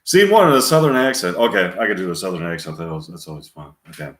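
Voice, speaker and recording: A man rambles and swears to himself as he works through a solo movie-scene game, his pitch rising and falling a lot. His voice is on the low side and rings with the echo of a bare room. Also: lively intonation, fast talker, fairly bright tone. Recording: roomy echo.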